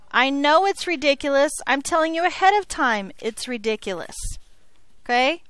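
High-voiced playful algebra teacher. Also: female voice, a bit bright, no room sound. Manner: playful, jokey, checks in with frequent "okay?". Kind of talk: classroom lecture. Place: classroom.

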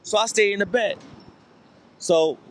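A man's voice: sits high, unhurried. Rambling stand-up comedian man. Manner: rambling, repetitive storytelling with voiced quotes. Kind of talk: stand-up storytelling. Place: comedy club stage.

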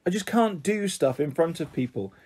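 A man's voice: a little high, lively intonation, moderate pace, darkish tone. Man voicing a shy, anxious schoolgirl. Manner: worried, self-doubting. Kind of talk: audiobook character voice.

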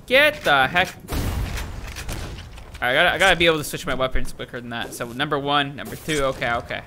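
Excitable young man playing a shooter. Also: medium pitch, racing, slight background noise. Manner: excitable, talks to himself and viewers while playing, yelps and laughs. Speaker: gaming YouTuber. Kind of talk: casual let's-play commentary.

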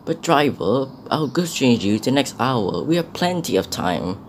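A man's voice: mid-range voice, sing-song, normal speed, a little hiss or hum. A man voicing a sleepy, complaining male goods engine in a homemade storybook tale. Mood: grumbling tired. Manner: drowsy and complaining. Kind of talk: storybook voice acting.

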